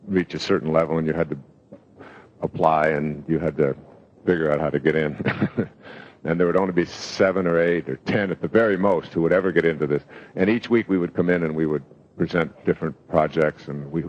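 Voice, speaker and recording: An older man giving a motivational lecture, telling stories in a reflective way with pauses and fillers. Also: low-pitched, darkish tone. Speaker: motivational speaker. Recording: dull lo-fi lecture recording.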